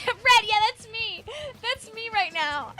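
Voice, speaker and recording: A woman's voice: very high voice, expressive, takes it slowly. A young woman streaming a video game, giggling and chatting with her viewers in a bubbly way. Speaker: streamer playing a shooter game. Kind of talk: casual live-stream commentary.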